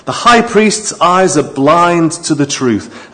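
A man preaching a sermon, moving from quiet, low asides to raised, emphatic appeals to his listeners. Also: expressive, slow pace, hardly any pauses.

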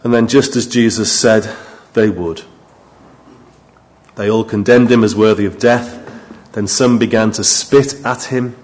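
A man's voice: fairly even intonation, a little slow. Man preaching with rising emphasis. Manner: swings from quiet, low asides to raised emphatic appeals. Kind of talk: sermon.

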